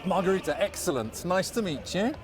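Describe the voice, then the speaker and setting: A man's voice: high-pitched, expressive, fairly quick, over loud music. A man hosting a travel video, chatting in a jokey way while walking city streets outdoors on a lapel mic. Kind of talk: casual walking-tour chat. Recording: faint street ambience.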